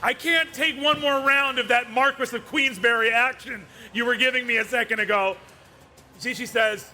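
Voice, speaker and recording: A man narrating as dungeon master at a live tabletop game, relaxed and full of fillers. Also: very high-pitched, moderate pace, soft background music.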